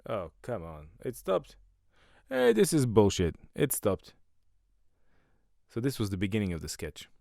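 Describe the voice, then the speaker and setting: A man's voice: lowish voice, huge pitch swings, a little slow, vocal fry, mellow, dry recording, clean studio sound. A man, a stand-up comedian and podcast host, talking in a rambling casual monologue full of swearing and self-mocking jokes.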